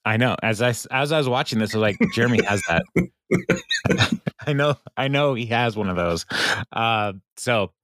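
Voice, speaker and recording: A man's voice: medium pitch, animated, normal speed, fairly bright tone, dry recording, studio quality. A man co-hosting a podcast, casually recapping an episode, laughing often and briefly mimicking the characters. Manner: retells scenes, briefly mimicking the characters' lines; laughs often while talking. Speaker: podcast co-host.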